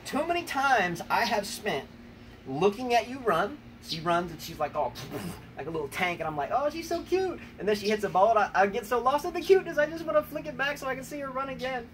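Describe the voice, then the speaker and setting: A man's voice: extremely high pitch, expressive, quick pace, a bit bright. An American man hosting a tennis talk show, playfully trash-talking his wife in a rambling, teasing way. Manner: teasing, rambling, repeats "number one, okay?". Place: outdoors on a rainy day. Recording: distant mic with faint ambient noise.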